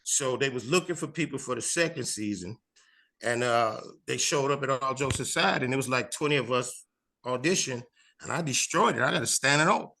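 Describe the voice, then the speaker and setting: A man's voice: medium pitch, a little fast, creaky. A man in his fifties with a Chicago accent, a comedian telling a long story in an interview and acting out the voices of the people in it. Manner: animated storyteller, acts out other people's voices.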